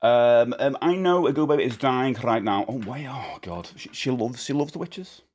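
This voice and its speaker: A man's voice: medium pitch, normal speed, darkish tone. A man chatting casually on a live game stream, jokey and talkative as he greets his chat by name. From England.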